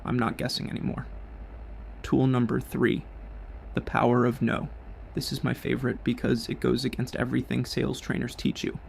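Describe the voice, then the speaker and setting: Gravelly, blunt male host. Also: mid-range voice, completely flat delivery, moderate pace, a little hiss or hum. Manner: blunt, punchy short sentences. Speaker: show host. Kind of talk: scripted business monologue.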